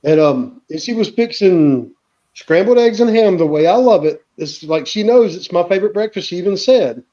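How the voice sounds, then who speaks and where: A man with a high but mellow voice tells rambling family stories on a casual livestream. The sound is dull and lo-fi, like a stream over a call. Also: animated, normal speed. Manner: rambling anecdotes with acted quotes. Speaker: livestream host. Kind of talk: casual storytelling chat.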